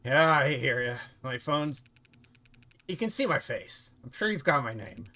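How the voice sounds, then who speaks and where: A woman voicing a gruff, combative man who argues rudely at a bus stop. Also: a bass voice, big pitch swings, a little slow, pushed and bright, exaggerated voice. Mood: irritated. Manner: rude, combative.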